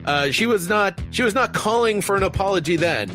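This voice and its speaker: A man's voice: sits high, animated, brisk, sharp tone, soft background music. A man hosting a sports podcast, reading the week's football news in a wry, mock-newscaster way. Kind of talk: casual sports news roundup.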